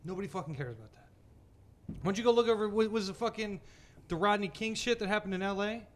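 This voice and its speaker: A man in casual, profane chat with friends, animated and laughing often. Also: high-pitched, quick pace.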